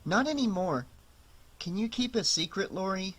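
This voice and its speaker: A narrator voicing a small, frightened boy who loves comic books, in a high, eager voice. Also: expressive, normal speed, fairly bright tone.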